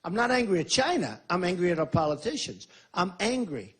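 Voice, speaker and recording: A man's voice: high-pitched, sing-song, a little fast, a bit bright, husky. A man in his sixties, a presidential candidate at a rally, answering questions in an emphatic, repetitive and boastful way. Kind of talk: campaign Q&A speech.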